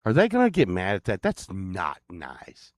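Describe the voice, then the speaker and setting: A man's voice: low voice, huge pitch swings, moderate pace, no room sound, clean studio sound. A man hosting his own channel, talking casually to viewers in a rambling, crude, joking way. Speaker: channel host.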